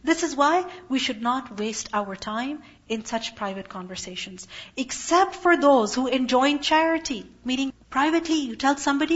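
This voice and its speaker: A woman's voice: sits high, moderate pace. A woman giving a Quran commentary lesson, reciting Arabic verses and then translating them, and asking rhetorical questions that she answers herself. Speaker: Quran teacher. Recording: dull lo-fi recording.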